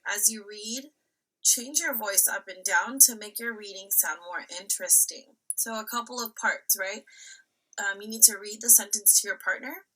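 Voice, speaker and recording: Woman, teacher, remote reading lesson for young kids, patient, step-by-step, bright clear tone. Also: mid-range voice, rough recording. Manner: patient, step-by-step, often checking in with "right?".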